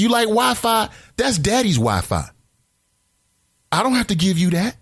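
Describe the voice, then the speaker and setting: A man hosting a casual talk radio show, speaking in an animated, emphatic, conversational way. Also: high-pitched, no echo, studio quality.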